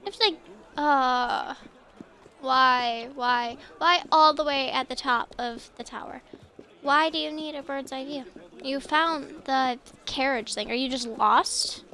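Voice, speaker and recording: A young woman talking casually to herself while playing a video game, chatty and quick to apologize and laugh. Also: high voice, sharp tone. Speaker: gameplay streamer.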